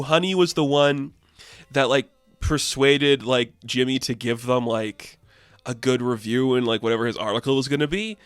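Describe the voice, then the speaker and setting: A man's voice: medium pitch, clear, resonant tone, no echo, studio quality. Chatty man recapping a comic. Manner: animated and chatty, full of "like". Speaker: comic book reviewer.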